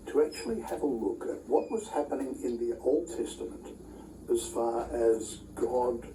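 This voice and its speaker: A man's voice: medium pitch, mellow, a little hiss or hum. A man giving a recorded Bible college lecture to camera, conversational, with dry asides and frequent filler words. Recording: distant mic, roomy echo, faint ambience.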